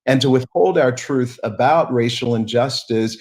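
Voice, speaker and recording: Earnest, measured male presenter. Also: mid-range voice, a little mellow. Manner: measured, earnest, halting repetitions. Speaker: presenter in an archived video. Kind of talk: interview talk.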